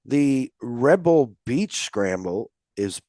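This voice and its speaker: Slow, rambling male podcast host. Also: medium pitch, animated, mellow, dry recording, clean studio sound. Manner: unhurried, rambling with many fillers. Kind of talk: casual podcast chat.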